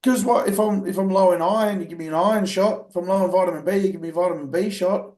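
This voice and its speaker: A man's voice: high voice, fairly even intonation, fast talker, darkish tone, echoey room. An Australian man co-hosting a casual podcast, talking bluntly with plenty of swearing. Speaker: podcast co-host.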